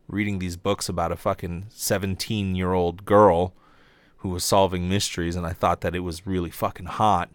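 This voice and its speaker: A young man hosting a comedy podcast, ranting casually and profanely, his voice jumping high when he gets exasperated. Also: level tone, moderate pace, no room sound.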